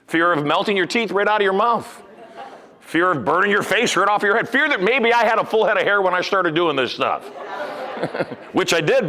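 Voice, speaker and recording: A man giving a live motivational talk to a room of sales agents, telling stories in an animated way with sudden loud bursts. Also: high-pitched. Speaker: motivational speaker. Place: large event hall. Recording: long hall reverb.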